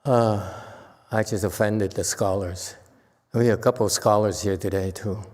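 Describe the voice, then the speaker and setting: A man's voice: fairly low pitch, steady tone, moderate pace, darkish tone. A man teaching as a Buddhist master in a Dharma lecture, teasing and blunt with his listeners and laughing often. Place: temple lecture hall. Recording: long hall reverb.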